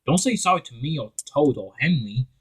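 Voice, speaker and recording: A man's voice: mid-range voice, expressive, brisk, fairly bright tone, breathy edge, poor audio. James, a man voicing a stern scolding engine. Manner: lecturing, stumbling over words.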